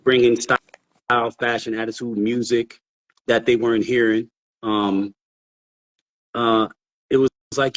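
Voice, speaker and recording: A man's voice: mid-range voice, level tone, slow, long pauses. A middle-aged man, a father co-hosting a casual podcast, telling stories and repeating words as he thinks. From New York. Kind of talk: casual chat.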